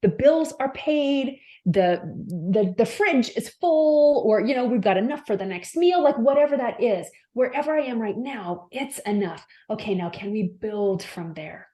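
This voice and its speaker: A woman with a fairly high voice talks as a coaching guest on a podcast. She is emphatic and animated, and her pitch leaps up when she stresses a point. Her delivery is fluent and conversational. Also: measured pace, hardly any pauses. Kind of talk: podcast interview.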